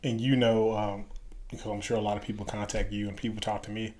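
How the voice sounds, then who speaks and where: A man's voice: fairly low pitch, quick pace. A middle-aged man from Chicago, a former Green Beret guest telling stories in a casual interview and acting out the people he quotes. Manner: animated storyteller, acts out quoted voices.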